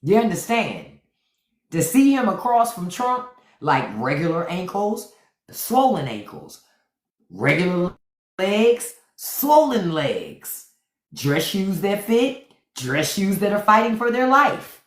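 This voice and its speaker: A woman's voice: mid-range voice, very animated, takes it slowly. Sassy woman hosting a livestream. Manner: sassy, playful, repeats lines for effect. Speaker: livestream host. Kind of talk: casual comedic commentary. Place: indoors, phone livestream. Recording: roomy echo.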